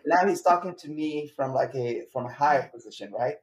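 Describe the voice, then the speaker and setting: Lebanese-born man telling a lively story. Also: on the high side, a little fast. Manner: acts out quoted voices, says bro often. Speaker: guest entrepreneur. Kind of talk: animated storytelling.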